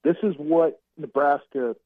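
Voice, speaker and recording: A man on a phone call, a recruiting analyst chatting casually as a guest and telling rambling, animated stories. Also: fairly high pitch, a little slow, dry recording. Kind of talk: casual podcast chat by phone. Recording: dry tinny phone line.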